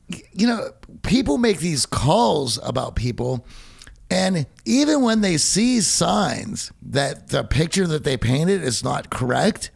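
A man's voice: on the high side, gravelly. A man from Pittsburgh with an American accent, co-hosting a casual podcast conversation, often stammering and restarting his sentences. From Pittsburgh, USA. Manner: restarts, stammers, rising emphasis. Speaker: podcast co-host.

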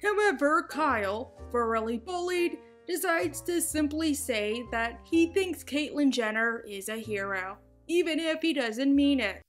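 Wry high-voiced woman narrating a video essay. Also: animated, unhurried, few pauses, faint music behind. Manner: wry, sarcastic asides.

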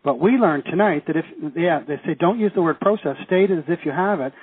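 A man's voice: on the high side, a little fast. A middle-aged man from Canada teaching a live seminar, quizzing the class and acting out the reactions he describes. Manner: lively, asks the class questions, acts out quoted reactions. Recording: tinny phone-like audio.

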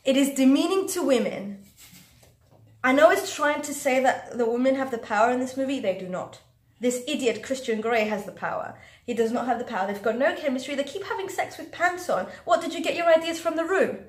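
A woman's voice: high voice, lively intonation, fairly quick. A woman reviewing movies in casual chat, scathing and sarcastic in her blunt verdicts. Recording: echoey room.

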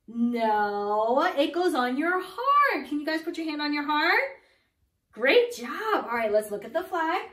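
Young woman teaching toddlers, slow and super bouncy, roomy echo, kinda far from the mic. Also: high-pitched, sing-song, fairly bright tone. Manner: sing-song, exaggerated, encouraging teacher talk. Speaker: preschool teacher. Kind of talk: circle time for toddlers. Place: her home.

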